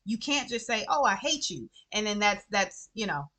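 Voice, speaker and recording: Woman vlogger, adult mom, earnest and animated, crisp bright tone, middle pitch. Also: normal speed. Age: adult with children. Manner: earnest, animated, repeats phrases for emphasis. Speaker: vlogger sharing favorite books. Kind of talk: casual heartfelt chat to camera.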